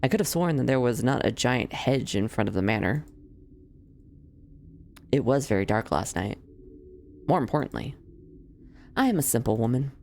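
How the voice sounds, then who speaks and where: A sardonic young villainess from a visual novel, as a woman reads her lines. Her voice is very deep and dry, and her phrasing is wry and formal. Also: lively intonation, moderate pace, gravelly, long pauses, darkish tone, slight background noise, exaggerated voice.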